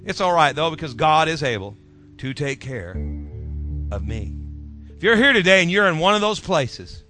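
A man preaching a sermon as pastor, in a rhythmic style that drops soft at phrase ends and leads the congregation in repeating lines. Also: fairly high pitch, big pitch swings, moderate pace, soft background music. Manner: leads congregation in call-and-response.

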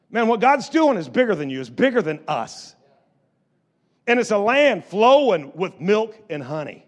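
A middle-aged man preaching a sermon in church, stammering through restarts and moving between quiet storytelling and loud exhortation. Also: high voice, big pitch swings, moderate pace. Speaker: pastor.

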